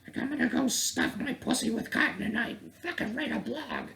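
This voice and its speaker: A man putting on the voice of an indignant young woman in a mocking falsetto, squealing with outrage. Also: wildly swooping pitch, brisk, creaky, sharp tone, a little hiss or hum, full character voice. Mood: shrill outrage. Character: shrill indignant young woman, easily offended.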